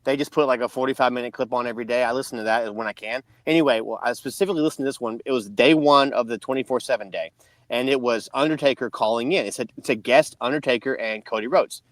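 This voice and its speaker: A man's voice: mid-range voice, quick pace, no echo. Guy rambling thru a story on a podcast, dry mic, lots of restarts. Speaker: podcast co-host. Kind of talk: casual podcast chat.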